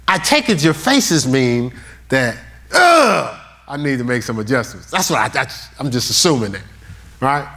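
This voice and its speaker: A male pastor preaching a sermon, talking straight to the congregation and reading scripture aloud slowly. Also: medium pitch. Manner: animated, talks straight to the congregation with questions.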